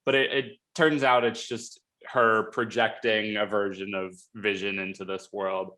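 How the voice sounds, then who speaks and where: A man hosting a casual episode review, talking quickly in a rambling way with lots of fillers and restarts. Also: lowish voice, little pitch movement, bright, forceful tone. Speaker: show host reviewing a TV episode.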